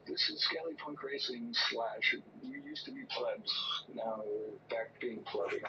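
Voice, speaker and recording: A man's voice: mid-range voice, wildly swooping pitch, a little slow. A man, one of the drivers, chatting and joking wryly during a live race stream. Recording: distant dull mic with clear noise.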